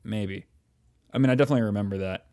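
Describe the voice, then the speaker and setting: A man's voice: fairly low pitch, fast, warm tone. A man co-hosting a casual podcast, rambling, swearing often and trailing off while hunting for names. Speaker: podcast co-host. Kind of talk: casual chat.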